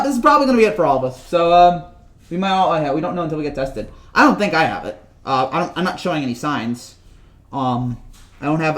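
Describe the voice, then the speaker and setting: High-voiced rambling sports vlogger man. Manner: rambling, joking, repeats himself. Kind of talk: casual vlog rant.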